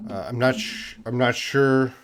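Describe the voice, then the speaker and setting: Canadian-accented male English teacher, unhurried live Q&A delivery, mid-range voice, patient and chatty. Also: medium pitch, steady tone, a bit bright, clean tone. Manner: patient, chatty, explains slowly with repeated examples.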